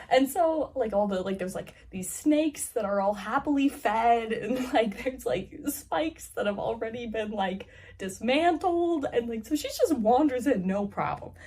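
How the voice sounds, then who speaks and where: Rambling husky-voiced woman recapping a book. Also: fairly high pitch, darkish tone. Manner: rambling, heavy use of "like" fillers. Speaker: book reviewer. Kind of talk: casual plot recap.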